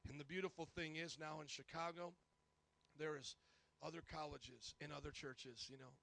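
Gravelly high-voiced male preacher. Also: moderate pace. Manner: storytelling, animated, acts out quotes. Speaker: pastor. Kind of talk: sermon.

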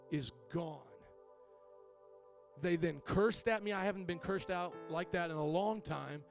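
A man preaching as a pastor, telling a personal story and acting out what others said in changing voices. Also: high-pitched. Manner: animated, acts out quotes with shifting voice. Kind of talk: sermon storytelling.

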